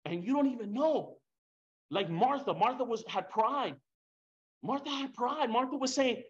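A man's voice: extremely high pitch, unhurried. A man preaching a sermon with emotion, repeating his phrases for emphasis and slipping into casual slang. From Hispanic background. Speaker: pastor. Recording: dull lo-fi sound.

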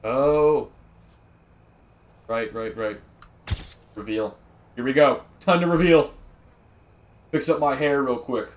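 A man's voice: mid-range voice, slow pace, long pauses. A young man doing profane, nervous, jokey commentary while playing a horror game. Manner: profane, jittery, nervously joking. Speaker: gamer.

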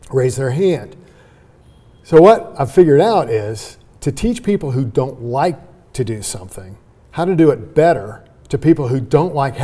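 Brief: male sales trainer guest, emphatic and animated, dark mellow tone. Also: mid-range voice. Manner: animated, emphatic, laughs while explaining. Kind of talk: conversational interview.

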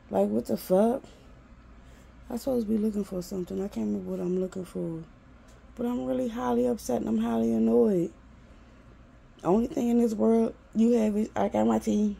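A woman's voice: mid-range voice, gravelly, mellow, husky. A woman in her forties venting to camera in a profane, exasperated rant, repeating herself. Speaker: vlogger.

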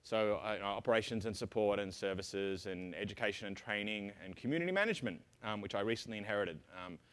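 Fast-talking Australian man on stage. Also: lowish voice, a bit bright. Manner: rapid, rambling, lots of ums and self-interruptions. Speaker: conference speaker. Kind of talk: conference keynote talk. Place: conference hall stage.

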